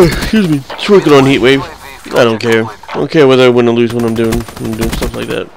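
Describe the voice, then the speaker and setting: Gravelly man rambling over game clips. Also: medium pitch, a little fast, a crowd in the background. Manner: rambling, joking, crude, with frequent restarts. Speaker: gameplay commentator.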